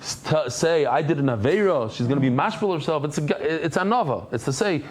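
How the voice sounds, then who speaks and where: Guy teaching talmud, jumps up and down in pitch a lot, acts out little stories. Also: a little fast. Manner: animated storytelling, acts out characters, mixes Hebrew and Yiddish terms. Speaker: Daf Yomi teacher. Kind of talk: Talmud class.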